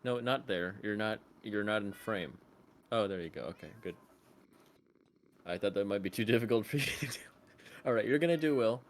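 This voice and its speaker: A man's voice: on the low side, lively intonation, normal speed, pauses often. A man with a New York accent chatting over voice call, joking and rambling. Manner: joking, rambling, self-deprecating. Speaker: guest on voice call. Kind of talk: casual stream chat.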